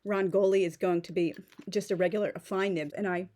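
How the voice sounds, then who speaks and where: A woman's voice: medium pitch, fairly even intonation, fairly quick, mellow. A woman vlogging an unboxing, chatty and gushing, filling her talk with "um" and "like", a little nervous on camera. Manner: chatty, many "um" and "like" fillers; gushing, enthusiastic. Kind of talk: casual unboxing vlog.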